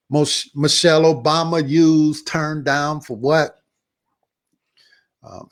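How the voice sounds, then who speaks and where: Slow-talking, relaxed preacher man. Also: on the high side. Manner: relaxed, repetitive, slangy preacher's chat. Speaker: pastor and show host. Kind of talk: casual recap of a sermon.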